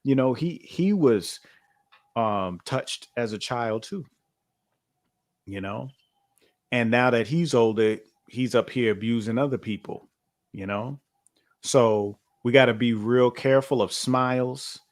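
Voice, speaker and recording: A man co-hosting a casual podcast at a middle pitch. He talks in a loose, conversational way and keeps circling back with fillers and restarts as he thinks aloud. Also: slow. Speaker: podcast co-host. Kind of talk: casual chat.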